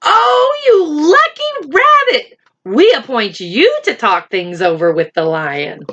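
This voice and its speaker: A woman voicing a group of sly big forest animals flattering a rabbit in a storybook reading. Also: sits high, slow, dull audio, voice pushed up, full character voice. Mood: gushing.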